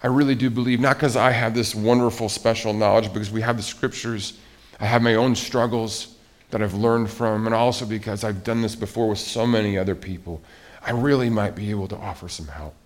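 A male pastor preaching a sermon in an animated way, rising to emphatic outbursts and dropping back down. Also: lowish voice, fairly quick.

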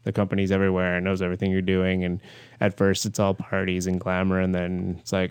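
A man's voice: deep voice, completely flat delivery, fast, smooth, dry recording. A man co-hosting a casual film podcast, talking offhand with lots of fillers. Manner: offhand, full of "like". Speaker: podcast co-host. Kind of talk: casual chat.

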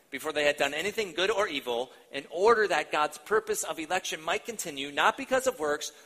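A man's voice: on the high side, bright, forceful tone, rough recording. A male pastor preaching a sermon, emphatic and repeating key phrases for weight, addressing the congregation directly.

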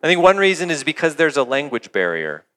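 A young man gives an earnest, conversational sermon, tossing rhetorical questions to his listeners. His voice sits high and bright. The sound rings with the long reverb of a large hall. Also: sing-song, quick pace. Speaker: pastor.

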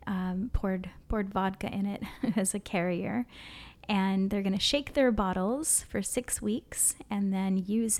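A woman co-hosting a casual podcast, explaining herbs and her products, often dropping to a soft near-whisper. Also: mid-range voice, creaky. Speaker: podcast co-host, herbalist.

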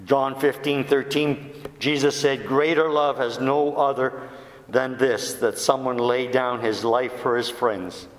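A man's voice: mid-range voice, fairly even intonation, a little slow, reverberant, long reverb tail. A man preaching a sermon as a deacon, reading scripture aloud with quoted dialogue.

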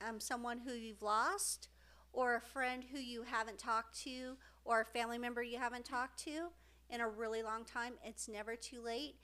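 Brief: middle-aged woman podcast co-host, earnest and emotional, high voice. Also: steady tone, normal speed, pushed and bright, clean tone. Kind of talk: casual heartfelt podcast chat.

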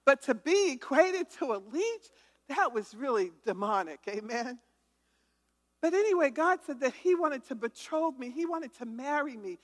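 This woman's voice is high-pitched and a bit bright. Giving a forceful testimony sermon, she keeps prompting the audience to respond and frequently starts words over, all echoing with hall reverb.

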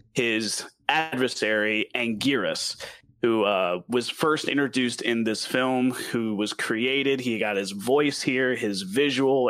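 A man with a Southern US accent talking through a film in a casual review chat, lively and quick to laugh. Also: medium pitch, dry recording. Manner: animated, laughs often, stumbles over names.

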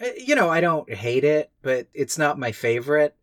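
A man co-hosting a casual film-review podcast, weighing a movie's strengths and faults in a measured way with "like" and "uh" fillers. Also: on the high side, sing-song, dry recording, studio quality. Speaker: podcast co-host reviewing films.

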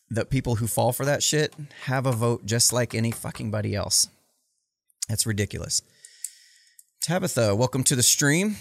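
A man's voice: medium pitch, no echo. A man hosting a livestream, reacting bluntly and with profanity to debate clips in casual commentary. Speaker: livestream host.

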